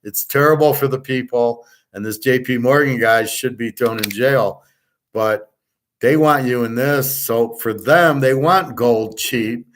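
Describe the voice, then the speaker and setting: Unhurried and middle-pitched, a middle-aged host rambles through a blunt, profane rant aimed at listeners he calls his students. A little background noise sits under his voice.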